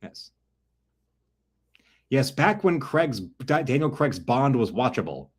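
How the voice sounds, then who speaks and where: A man's voice: medium pitch, very animated, takes it slowly, breathy edge. Rambling man commenting on films. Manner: rambling, self-correcting.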